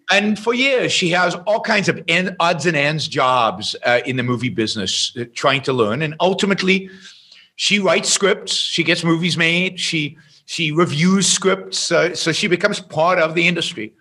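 A man as an interview guest, telling an anecdote in a lively way and often restarting his sentences. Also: fairly high pitch, a little slow, slightly rough. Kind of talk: explaining and storytelling in conversation.

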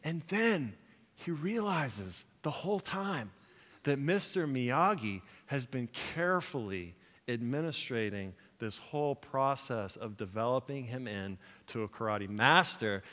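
A man preaching a sermon as pastor, telling a movie story with animated quoted lines before turning it into a spiritual point. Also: medium pitch, measured pace, in a large hall. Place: church sanctuary.

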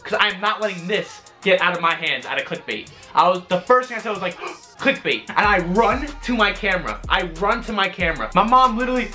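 A young man, excitedly telling a story on his vlog, swearing and exaggerating. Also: high voice, fast talker, few pauses, music in the background. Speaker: vlogger.

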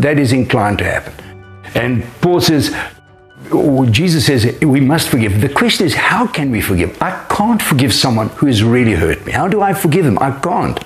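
An older man preaches with an animated, swinging pitch that climbs on the words he wants to stress. His voice sits in a middling register, and soft music plays faintly behind him. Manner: emphatic, rising on key phrases. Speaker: pastor. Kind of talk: sermon.

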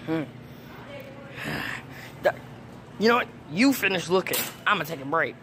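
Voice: medium pitch, animated, slow, background noise. Playful voice with wide swings. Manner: playful, jumps between silly character voices. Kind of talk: improvised toy play voicing.

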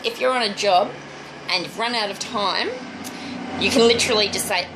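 A woman's voice: mid-range voice, normal speed, noisy background. A middle-aged woman, chatting through a balloon twisting demonstration step by step. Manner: chatty, friendly step-by-step instructions. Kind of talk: casual demonstration tutorial.

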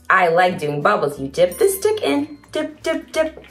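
A young woman hosting a toddler video, talking slowly in a bouncy, playful sing-song with toy sound effects. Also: fairly low pitch, very animated, a bit bright, faint music behind.

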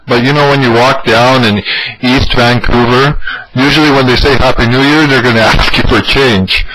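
A man's voice: medium pitch, fairly bright tone. A man hosting a mock news commentary, joking and mock-solemn, laughing often. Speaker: comedy host. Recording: noisy home recording.

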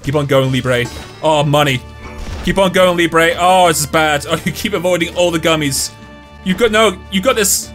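A man chatters through a video game in loose, jokey commentary. His voice sits a little high and jumps up when things go wrong. Faint music plays underneath. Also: moderate pace. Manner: excitable, jokey, yelps and laughs at the game. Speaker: gaming YouTuber.

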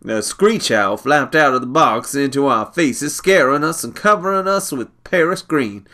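A man reading a short story aloud, measured and unhurried. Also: medium pitch, animated, pushed and bright.

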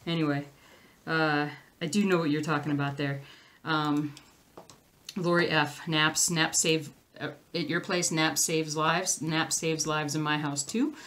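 Lady rambling to camera about her stitching, loses her train of thought, voice a bit on the low side. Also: flat delivery, a little slow, a bit bright. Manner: rambling, easily sidetracked, chatty. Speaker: cross-stitch channel host. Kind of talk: casual chat to camera.

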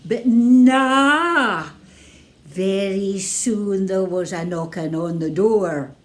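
A woman with a Scottish accent telling a children's story in a playful, expressive way. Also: lowish voice, takes it slowly.

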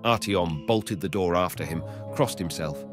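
Deep-voiced man reading a story. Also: moderate pace, over music. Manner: expressive storytelling. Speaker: narrator. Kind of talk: reading a short story aloud.

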